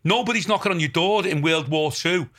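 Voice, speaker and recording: A man's voice: a little high, fairly quick, a bit bright. An older man with a Liverpool accent, hosting a podcast in casual chat, blunt, sweary and rambling. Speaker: podcast host.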